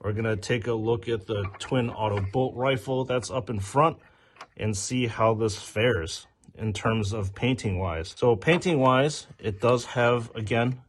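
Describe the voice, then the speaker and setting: A man's voice: mid-range voice, a little slow, slight background noise. A man hosting a casual product review, with upbeat, detail-focused commentary. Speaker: toy reviewer host.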